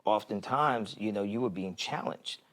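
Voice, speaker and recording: This podcast co-host has a lowish, slightly bright voice at a normal pace. He talks reflectively in a casual faith-podcast discussion, frequently restarting and repeating words.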